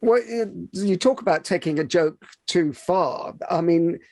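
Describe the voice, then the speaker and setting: Male podcast host, hesitant questions, gravelly, close dry mic. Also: high voice, unhurried, a little mellow, no echo. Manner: hesitant, many fillers. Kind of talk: interview questions.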